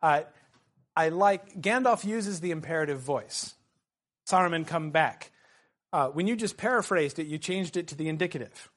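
A male teacher with a fairly high voice leads a seminar discussion. He is animated, works closely through the text and calls on students by name. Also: normal speed. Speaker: teacher leading a literature discussion.

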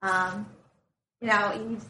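A woman's voice: mid-range voice, level tone, slow, sharp tone, roomy sound, a little hiss or hum, poor audio. A woman student speaking up enthusiastically in a class discussion.

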